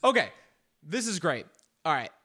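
A reaction video host comments casually on a news clip, joking around and leaping into exaggerated high-pitched voices. His voice has a breathy edge and moves at normal speed, and his manner is animated.

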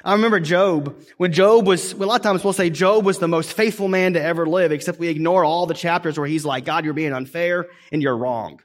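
A man's voice: sits high, steady tone, fairly quick, few pauses. A man preaching a sermon in a conversational, earnest way, dropping his voice when he quotes scripture.

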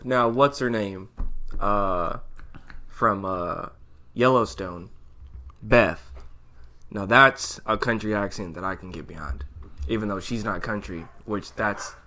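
A young man co-hosting a casual podcast chat, with a bright, forceful tone over a lowish pitch. He is blunt and profane, pushing his opinions hard. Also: takes it slowly, pauses often. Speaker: podcast co-host.

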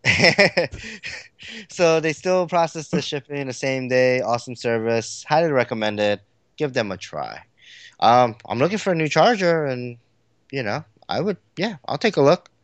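一位男性播客联合主持人，随意闲聊，说话啰嗦，常带填充词，笑声不断。. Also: male voice, medium pitch, expressive, moderate pace, fairly bright tone, no room sound. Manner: rambling, filler-heavy, laughs easily. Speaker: podcast co-host. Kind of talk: casual chat.

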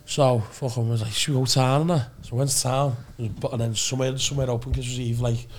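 A podcast guest from Liverpool, England, speaking with a Scouse accent, tells long rambling stories in casual chat, swearing heavily and restarting often. His voice is medium-pitched and flat, delivered briskly. There's slight background noise.

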